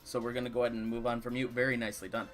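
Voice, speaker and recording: A man narrating and running a tabletop fantasy game as dungeon master, relaxed and filling pauses with ums and uhs. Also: mid-range voice, faint music behind.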